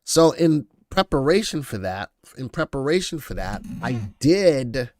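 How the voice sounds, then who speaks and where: Hosting a livestream market show, this man reads headlines out loud, then riffs on them chattily and answers chat viewers by name. His medium-pitched voice is sing-song and darkish, his pace unhurried, with a little hiss or hum in the audio.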